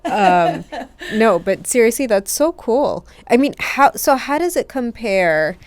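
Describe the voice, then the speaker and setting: A woman's voice: a little high, lively intonation, unhurried, dry recording. A woman hosting a podcast interview, asking questions in an encouraging, friendly way and laughing along. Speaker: podcast host. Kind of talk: casual interview.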